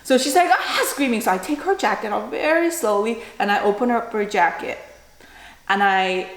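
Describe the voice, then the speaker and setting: A woman in her thirties, a mother, telling a family story in a casual storytime vlog. She re-enacts the scenes as she talks and keeps checking in with "right?". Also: medium pitch. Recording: roomy echoing room sound.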